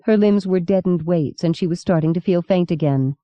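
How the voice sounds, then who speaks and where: A woman narrating an audiobook in a measured, steady reading. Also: lowish voice, no room sound. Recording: dull lo-fi cassette recording.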